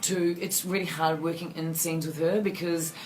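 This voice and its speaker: A woman's voice: low voice, steady tone, normal speed, a little mellow, a little hiss or hum. A woman, an actress answering fan questions in a casual, rambling and effusive way with many fillers.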